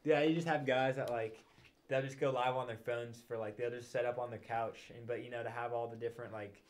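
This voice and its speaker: A man's voice: mid-range voice, fairly even intonation, brisk, a little hiss or hum. A man co-hosting a casual livestream, talking loosely with lots of fillers and restarts. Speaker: co-host.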